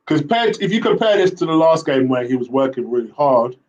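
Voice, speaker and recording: A man rates the players in a relaxed, chatty way, often pausing on "uh" and "um" as he gathers his thoughts. His pitch is middling, and the audio sounds a bit dull and lo-fi. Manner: relaxed, hesitant, many "uh" and "um", gives player ratings. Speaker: host football pundit. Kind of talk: casual football review.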